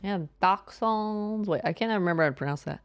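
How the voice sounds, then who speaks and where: A woman streaming a game live, chatting casually and playfully with her viewers and greeting them in a high sing-song voice. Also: brisk, smooth, faint music behind. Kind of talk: casual live-stream chat while gaming.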